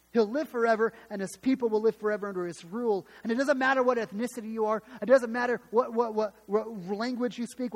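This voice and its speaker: A man's voice: high-pitched, in a large hall. A man preaching a sermon, emphatic and dramatic, retelling scripture with repeated restarts. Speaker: pastor.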